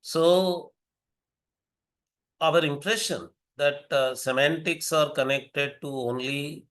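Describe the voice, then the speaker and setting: A man giving an academic lecture, deliberate and repeating key phrases for emphasis. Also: fairly high pitch, steady tone, a bit bright.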